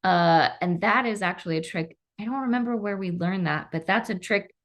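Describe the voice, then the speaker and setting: A woman's voice: medium pitch, brisk. A woman co-hosting a workplace podcast, talking reflectively and thinking aloud as she explains. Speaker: podcast co-host. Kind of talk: casual podcast discussion.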